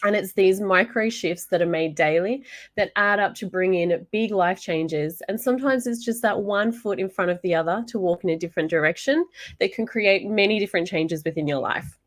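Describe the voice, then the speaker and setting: A woman's voice: mid-range voice, normal speed, no room sound, clean studio sound. A woman from Brisbane with an Australian accent, giving an earnest, reflective prepared talk as a guest speaker over a video call.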